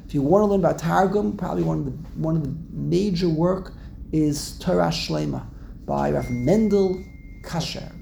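A man's voice: a little high, normal speed, vocal fry, mellow, a little hiss or hum. A man teaching a casual Torah class to a small group, digressive, often repeating himself and restarting sentences.

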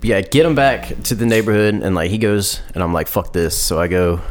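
A man with a very deep voice hosts a casual podcast chat. He tells stories in a relaxed, rambling way, swearing often and voicing the people in them. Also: a little fast, soft background music. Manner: profane, laid-back storytelling with lots of "like". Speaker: podcast host.

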